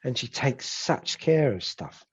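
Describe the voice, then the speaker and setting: A man's voice: medium pitch, animated, a little slow, slightly rough. A man co-hosting a podcast in casual chat, rambling and repeating himself, with the odd swear. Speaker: podcast co-host. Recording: slightly dull lo-fi audio.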